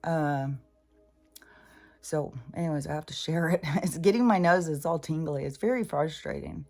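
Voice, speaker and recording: A woman's voice: deep voice, moderate pace, darkish tone, faint music behind. An older woman talking in a rambling, profane, casual monologue as a spiritual channeler.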